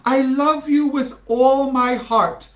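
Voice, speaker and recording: A jittery amateur actor playing a swooning heroine, voiced by a male storyteller, his voice lifted high and stretched out. He sounds hesitant and sweetly theatrical. A roomy echo surrounds him. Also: steady tone, takes it slowly. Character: nervous man playing a lovesick heroine.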